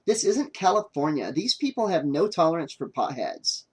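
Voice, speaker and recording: A man's voice: a little high, big pitch swings, normal speed, breathy edge. A man reading an audiobook, voicing an irritable young woman making a documentary, curt and exasperated. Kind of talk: audiobook character voice.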